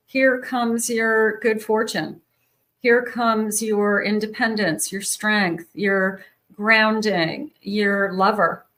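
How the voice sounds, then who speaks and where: A woman's voice: medium pitch, fairly bright tone. A woman psychic giving a tarot reading to her viewers, soothing and meandering, often restarting her sentences. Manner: slow, soothing, searching for words with many restarts.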